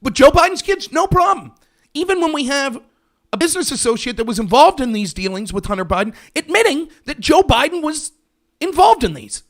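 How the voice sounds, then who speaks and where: A man hosting a political livestream, talking in a sarcastic, animated way and mocking his opponents. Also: very high-pitched, a little fast. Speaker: host of a political talk show.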